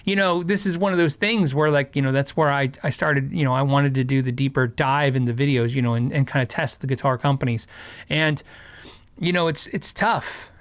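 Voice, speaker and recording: A brisk, mid-range voice with no room sound comes from a middle-aged Arizona man hosting a casual livestream chat. He tells rambling stories, laughs frequently, and uses lots of fillers and restarts.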